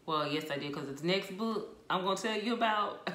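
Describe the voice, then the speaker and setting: A woman chatting casually about books she read, expressive and talkative with laughs and asides. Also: mid-range voice, normal speed, roomy sound, a little hiss or hum. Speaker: book vlogger. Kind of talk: casual book review chat.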